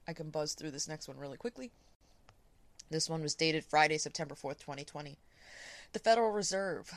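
A woman's voice: deep voice, no echo. A woman hosting a solo podcast, reading blog posts aloud and breaking off with blunt, profane, scornful remarks. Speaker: podcast host.

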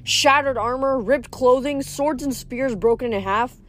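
A woman reading a novel aloud in steady narration, now and then stumbling over a word. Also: sits high, unhurried. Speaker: reader.

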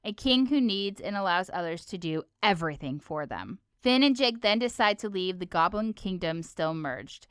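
A woman co-hosting a podcast, recapping a cartoon episode in an expressive, animated way. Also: fairly low pitch, normal speed, few pauses, clean tone, dry recording, clean studio sound. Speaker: podcast co-host. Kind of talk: casual episode recap chat.

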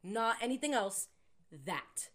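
A young adult woman co-hosting a podcast, telling a story in casual chat, animated and profane, acting out quotes loudly. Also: a little high, slow. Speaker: podcast co-host.

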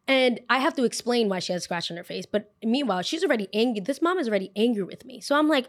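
A young woman hosting a podcast, telling a story in a chatty, animated way with lots of filler words. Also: on the high side, fast talker. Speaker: podcast host. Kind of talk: casual storytime.

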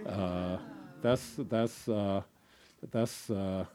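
A man from Boston, a storyteller chatting casually to a live audience in a rambling, halting way with lots of fillers and restarts. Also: low-pitched, fairly even intonation, mellow, clear, resonant tone. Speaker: storyteller, performer.

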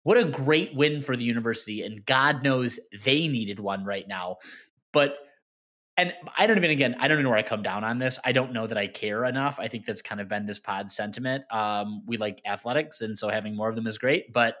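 A man co-hosting a sports podcast, sarcastic and fond of long, exasperated rants. His voice sits at an ordinary middle pitch for a man, neither deep nor high. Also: a little fast, pushed and bright. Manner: sarcastic, ranting. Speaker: podcast co-host. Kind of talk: casual sports podcast chat.

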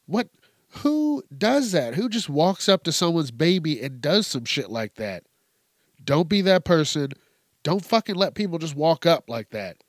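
A man with a slightly high voice and a measured pace hosts a casual, foul-mouthed news commentary show. He tells odd stories in an animated way, cursing a lot and laughing, captured in studio quality with no echo.

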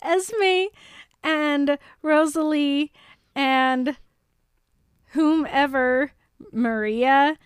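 High-voiced, slow-talking woman. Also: dry recording, clean studio sound. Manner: wry, joking asides. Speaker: podcast co-host. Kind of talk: casual chat.

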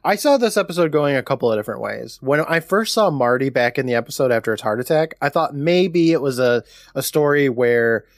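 A man's voice: medium pitch, expressive, brisk, few pauses, no echo, studio quality. A man co-hosting a podcast, chatting casually and jokingly retelling an episode's plot. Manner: jokey, teasing, narrates the plot and quotes the characters. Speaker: podcast co-host. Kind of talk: casual chat recapping an episode.

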